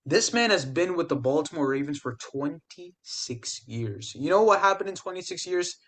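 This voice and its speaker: A young man co-hosting a podcast, talking sports in an animated, emphatic, trash-talking way. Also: fairly high pitch, normal speed. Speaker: podcast co-host. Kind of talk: casual sports chat.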